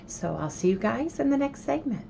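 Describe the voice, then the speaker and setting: Her voice is on the high side and gravelly as this middle-aged vlogger chats, very animated, at a moderate pace. Upbeat and talking directly to viewers, she records on a handheld phone against a noisy background.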